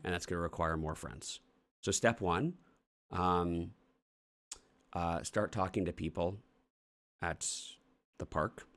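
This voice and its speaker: Man, from Canada, very low voice, show host, casual rambling, blunt, swearing. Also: a bit bright. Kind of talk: casual morning show chat.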